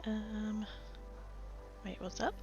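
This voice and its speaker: A woman's voice: mid-range voice, flat delivery, very slow, highs cut off, music in the background. A woman chatting casually to her livestream chat while sorting craft supplies, self-mocking and rambling. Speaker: craft streamer.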